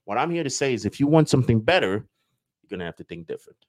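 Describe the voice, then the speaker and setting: A man's voice: mid-range voice, very animated, rapid-fire, dry recording. A man hosting a podcast, giving a joking, preachy motivational monologue and acting out little everyday dialogues. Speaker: podcast host.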